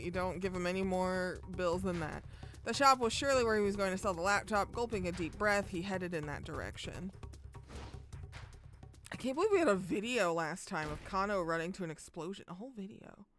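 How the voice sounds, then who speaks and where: A woman's voice: lowish voice, moderate pace, a bit bright, faint music behind. A young woman streaming a game live, chatting casually with joking, profane remarks while reading the story aloud.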